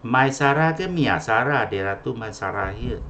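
On a video call with a little hiss or hum, this Malaysian-accented teacher calls the roll for his online class, switching between English and Malay, saying names repeatedly and tagging lines with a questioning "eh?". He speaks briskly in a medium-pitched, slightly bright voice.

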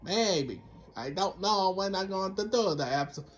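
A man's voice: high-pitched, animated, normal speed, soft background music. A man giving rambling let's-play commentary, talking to himself and the game, who keeps slipping into a Count Dracula-style voice and scolding himself for it. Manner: rambling, self-talk, talks to the game. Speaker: gameplay commentator.

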